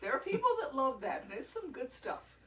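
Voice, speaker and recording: A woman's voice: high-pitched, big pitch swings, fairly quick, fairly bright tone, recorded from a distance. A woman who plays drums in a band, chatting on a casual livestream, laughing often and rambling through stories. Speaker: drummer and show host. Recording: roomy sound from away from the mic.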